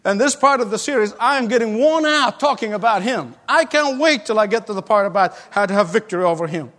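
A man preaches a sermon with emphatic repetition and frequent light laughs. His voice sits high for a man. The long reverb of a large hall trails every phrase. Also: lively intonation, fast talker, a bit bright.

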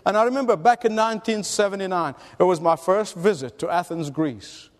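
Preacher, male, very high pitched voice, emphatic storyteller, long hall echo. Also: a little fast. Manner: emphatic storytelling with rhetorical questions. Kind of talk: sermon.

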